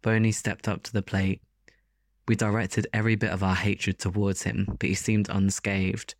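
A man narrating a first-person story as an audiobook in a steady, even delivery. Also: fairly low pitch, normal speed, dry recording, studio quality.

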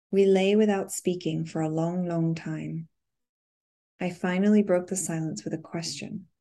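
A woman giving a soft-spoken, measured first-person audiobook narration. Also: fairly low pitch.

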